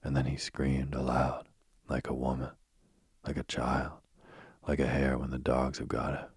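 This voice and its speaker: A man narrating a ghost story aloud in a hushed, often whispered delivery. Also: monotone, measured pace, no room sound. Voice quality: very deep, husky voice.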